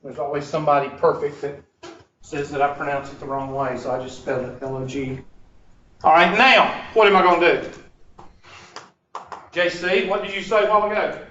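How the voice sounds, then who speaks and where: High-voiced joking math teacher. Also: male voice, moderate pace, long pauses, pushed and bright, distant mic. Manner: joking, teasing, quizzes the class. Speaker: math instructor. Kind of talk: classroom lecture. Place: classroom. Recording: echoey muffled room recording from afar with faint hiss.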